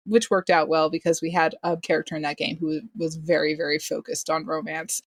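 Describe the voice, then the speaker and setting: A woman's voice: low-pitched, fairly quick, hardly any pauses, no room sound, clean studio sound. A woman talking as a guest on a podcast, a game master who chats casually and laughs often at herself. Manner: laughs often, self-deprecating. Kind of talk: casual interview chat.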